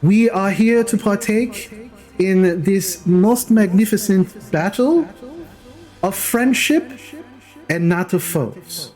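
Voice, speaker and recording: Guy doing a polite floaty gem dragonborn, formal and kinda grand, highish voice. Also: expressive, slow, a little mellow, faint music behind. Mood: solemn. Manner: formal, gracious, slightly grand speech. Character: serene courteous male gem dragonborn, floating monk.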